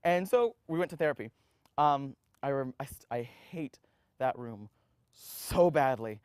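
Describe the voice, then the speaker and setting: A young man in his twenties telling his life story in an interview, animated and full of restarts, acting out the voices of others. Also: mid-range voice, measured pace, smooth, no echo, clean studio sound. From United States. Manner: animated, acts out quoted voices, frequent restarts.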